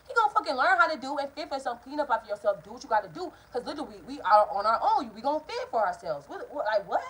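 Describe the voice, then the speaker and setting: Fast, lively high-voiced woman telling a story. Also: a little hiss or hum, poor audio. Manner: animated, profane, talks straight to viewers; acts out quoted people in changed voices. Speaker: vlogger. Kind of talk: casual storytime monologue.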